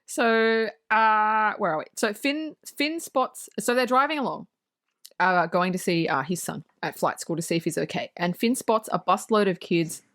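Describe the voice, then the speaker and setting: A woman's voice: mid-range voice, normal speed, fairly bright tone. A woman co-hosting a podcast, recapping a movie plot in casual chat with sarcastic, swear-filled asides. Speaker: podcast co-host.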